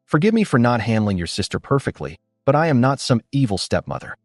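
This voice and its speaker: A man's voice: mid-range voice, sing-song, fast, no echo, studio quality. A man reading as a defensive, resentful stepmother. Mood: angry. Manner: curt, defensive.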